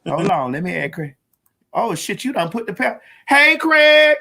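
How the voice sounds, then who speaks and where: A woman hosting a live virtual show, loud and brash, cussing freely and hyping her audience. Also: medium pitch, sing-song, a little slow, vocal fry. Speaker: show host. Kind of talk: profane live-stream chat. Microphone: video call.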